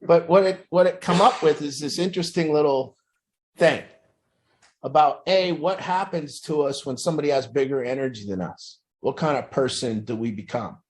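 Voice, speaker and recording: A group speaker recounts a long episode from his life, moderately paced and loosely told, with many fillers and restarts. He mimics quotes in a higher-pitched voice.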